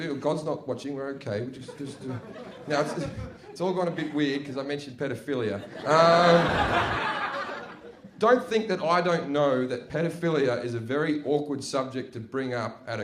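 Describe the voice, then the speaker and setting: An Australian comic with a medium-pitched voice delivers a brash, profane stand-up routine on stage at a comedy venue. He's chatty and leans on tag questions, recorded in an echoey, noisy live room.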